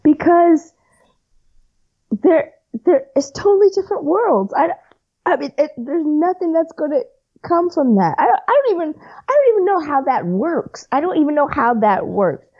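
A woman guest on a podcast, chatting casually in an animated, emphatic way and repeating her points. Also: high voice, moderate pace, muffled recording. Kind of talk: casual chat.

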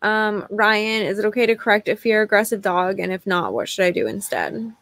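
A woman co-hosting a live show, reading viewer comments and questions aloud in a brisk, matter-of-fact way. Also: mid-range voice, animated, fairly bright tone, no echo.

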